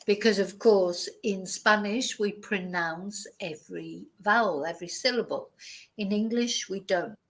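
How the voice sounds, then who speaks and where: A woman teaching vocabulary in a bilingual lesson, slowly repeating words to drill their pronunciation. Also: mid-range voice, rough recording. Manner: slow, careful pronunciation drills. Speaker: language teacher.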